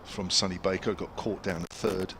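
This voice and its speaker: A man calls a cricket match live from an outdoor ground, his voice sitting fairly low. He talks in a chatty way, tossing asides to his partner between deliveries. There is audible noise over the outdoor broadcast audio. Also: fairly even intonation, normal speed, a bit bright. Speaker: cricket commentator. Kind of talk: live sports commentary.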